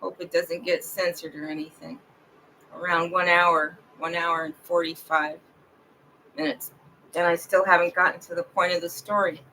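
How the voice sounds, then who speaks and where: A woman at home giving a rambling, digressive livestream monologue, talking slowly and drawing out her words. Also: fairly low pitch, little pitch movement, creaky, bright, forceful tone, slight background noise, rough recording. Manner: slow, digressive and drawn out.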